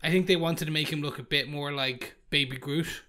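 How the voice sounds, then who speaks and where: A man's voice: fairly high pitch, steady tone, brisk, bright, forceful tone. A podcast co-host in casual chat, thinking aloud and correcting himself as he goes. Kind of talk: casual chat reviewing a film.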